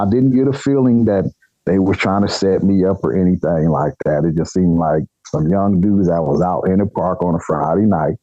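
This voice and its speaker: Low-voiced Nebraska man telling a story. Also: dry recording. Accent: Nebraska country. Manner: animated, acts out dialogue with pitch jumps. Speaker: podcast guest. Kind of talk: casual storytelling. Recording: dull lo-fi sound.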